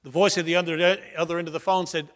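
A man's voice: on the high side, little pitch movement, fast, a bit bright, in a large hall. A man preaching a sermon, telling stories earnestly and building emphatic repeated lines. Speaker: pastor.

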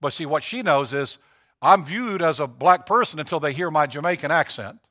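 A man's voice: fairly high pitch, animated, normal speed, fairly bright tone. A man preaching a sermon to his congregation, talking casually with emphatic repetitions and swelling to fervent peaks. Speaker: pastor.

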